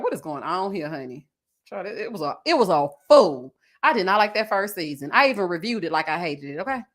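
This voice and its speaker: A woman recapping a reality show on her channel, chatting loosely with viewers, reading their comments aloud and laughing often, with drawn-out endearments. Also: on the high side, a bit bright. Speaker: TV recap YouTuber. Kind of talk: casual recap commentary reading live chat.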